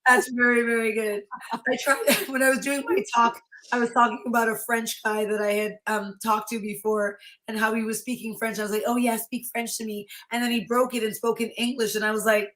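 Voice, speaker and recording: A woman's voice: fairly high pitch, level tone, fairly quick, a bit bright. Playful woman hosting an interview. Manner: playful, teasing, laughs along. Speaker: host. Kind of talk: casual interview chat.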